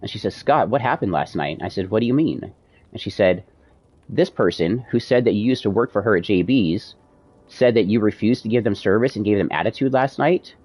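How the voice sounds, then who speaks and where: Low-voiced man telling a profane story. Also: a little fast, slightly rough. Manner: animated, profane retelling with quoted dialogue. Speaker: streamer. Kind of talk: casual storytelling.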